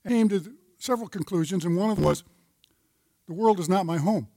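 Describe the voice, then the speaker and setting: An older man with a high voice gives a sermon-style Bible lesson to a group of men. He tells a story in a folksy way and cites scripture as he goes. The sound is dry and close. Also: fairly quick, dark tone, no room sound. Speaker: men's group teacher.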